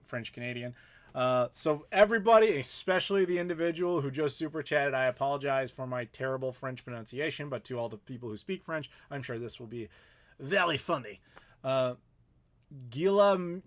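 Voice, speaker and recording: Male streamer in his thirties, relaxed, rambling live Q&A delivery. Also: medium pitch. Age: 30s. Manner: casual, rambling, reading chat aloud. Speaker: YouTube host. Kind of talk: live Q&A chat.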